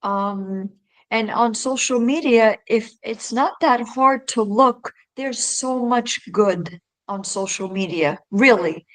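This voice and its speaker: A woman's voice: on the high side, slow, poor audio. A woman speaking as a podcast guest, talking earnestly and emotionally in a rambling way with many restarts. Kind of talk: casual interview talk.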